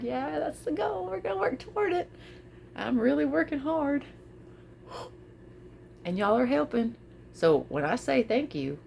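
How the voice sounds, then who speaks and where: A woman vlogging casually to her viewers, expressive, often repeating her phrases and laughing. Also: on the high side, gravelly, slight background noise. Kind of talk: casual talk to camera.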